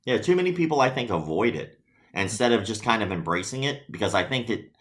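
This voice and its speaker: Animated man telling stories. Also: on the low side, fast talker. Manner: animated storyteller, acts out quoted voices. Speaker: podcast guest. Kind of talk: casual interview chat.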